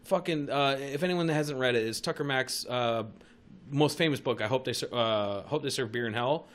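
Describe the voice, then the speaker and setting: A man's voice: mid-range voice, normal speed. A young man hosting a casual podcast, telling wild stories with constant swearing. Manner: profane, animated storytelling. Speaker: podcast host.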